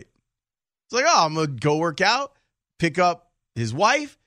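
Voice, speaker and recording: A man's voice: high-pitched, big pitch swings, a little slow, pushed and bright, no room sound, clean studio sound. A man hosting a sports radio show, telling stories in a jokey, self-mocking way. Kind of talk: casual sports radio chat. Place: radio studio.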